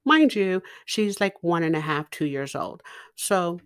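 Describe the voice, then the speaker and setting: A middle-aged woman telling a personal story in a slow, deliberate and expressive way, laughing now and then. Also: on the low side, clean tone. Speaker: podcast guest speaker.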